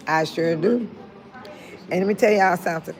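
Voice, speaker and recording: An older retired woman chatting casually with viewers on a phone livestream, laughing often and talking straight to them. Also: lowish voice. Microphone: phone held close to the face.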